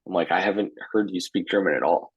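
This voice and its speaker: A twenty-something hockey player, guesting on a podcast, speaks quickly in a husky, low-sitting voice during a casual interview. There's no room sound and the audio is lo-fi. He's laid-back, hesitates with fillers, and chuckles now and then.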